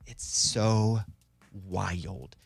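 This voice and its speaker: A man's voice: low voice, drawn-out words, creaky, breathy edge, no echo, soft background music. American man telling a radio story. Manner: animated storyteller, acts out quotes. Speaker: radio show co-host. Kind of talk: casual morning radio banter. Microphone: studio microphone.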